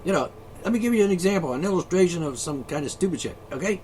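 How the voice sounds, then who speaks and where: A man's voice: sits high, animated, quick pace, darkish tone, slight background noise. A man ranting alone, profane and sarcastic, mocking the people he is angry at. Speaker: ranting vlogger. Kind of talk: angry solo rant.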